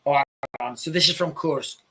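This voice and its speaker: A man's voice: on the high side, brisk, pushed and bright. A man rambling casually to his viewers, often restarting his sentences. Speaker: vlogger. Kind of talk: casual chat to camera.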